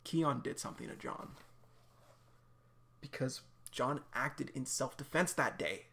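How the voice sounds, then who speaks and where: A man's voice: medium pitch, animated, measured pace, vocal fry, pushed and bright. A young man reacting live to a webcomic, subdued and sighing.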